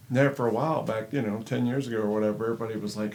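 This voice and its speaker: Male co-host, casual banter, salty and giggly, mid-pitched, faint room hum. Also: quick pace, hardly any pauses, darkish tone. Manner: profane, laughs often, acts out quotes. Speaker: show co-host.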